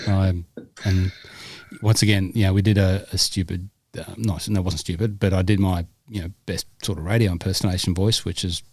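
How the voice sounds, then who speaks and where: A man's voice: low-pitched, steady tone, brisk, darkish tone, no echo. Rambling older Scottish man. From Scotland. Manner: rambling, self-deprecating, many fillers. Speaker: podcast co-host. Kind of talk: casual chat.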